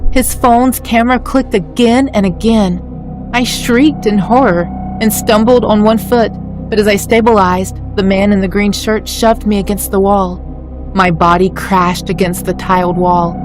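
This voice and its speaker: Female narrator for a first-person horror tale, measured, dramatic delivery at a mid pitch over faint music. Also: steady tone. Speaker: story narrator.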